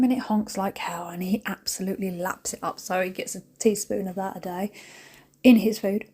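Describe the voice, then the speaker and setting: A chatty woman with a British accent talks her viewers through a day of cleaning, her voice sitting at an ordinary middle pitch. She rambles from one thing to the next, addresses the audience directly and is quick to laugh at herself. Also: fairly even intonation, dark tone, breathy edge. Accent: British English. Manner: emotional, self-mocking. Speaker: cleaning vlogger. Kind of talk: casual chat while cleaning.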